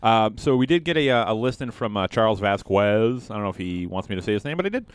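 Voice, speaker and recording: A man's voice: on the low side, animated, fast, smooth, dry recording. A man hosting a comedy podcast who banters sarcastically, teases his co-hosts and swears a lot. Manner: sarcastic, profane, teasing. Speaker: podcast host.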